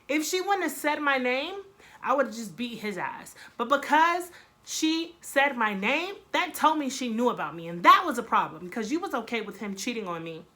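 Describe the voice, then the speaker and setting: A young woman telling a casual storytime, animated and blunt, swearing freely and acting out what people said. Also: fairly high pitch, normal speed. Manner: animated, blunt, profane, acts out quotes. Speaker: vlogger.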